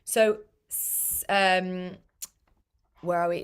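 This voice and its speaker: A woman's voice: medium pitch, expressive, takes it slowly, fairly bright tone. A woman coaching a choir on pronunciation, patiently repeating and demonstrating each sound. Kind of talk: language coaching for singers.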